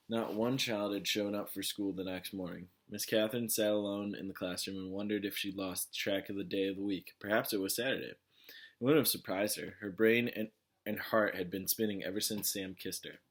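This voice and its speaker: A man's voice: lowish voice, steady tone, brisk. A man reading a novel aloud in a casual way, with small slips and restarts. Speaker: reader of a novel.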